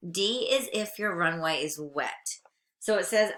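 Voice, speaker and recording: Bright-voiced woman teaching aviation rules. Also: fairly low pitch, expressive, moderate pace. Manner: reads regulations aloud, then explains plainly to students. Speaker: aviation instructor. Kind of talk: recorded online lecture.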